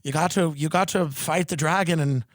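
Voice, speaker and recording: A man's voice: fairly high pitch, moderate pace, dry recording, studio quality, lightly acted. A man imitating a preachy middle-aged male motivational lecturer with a lilting, sing-song mock-Irish lilt.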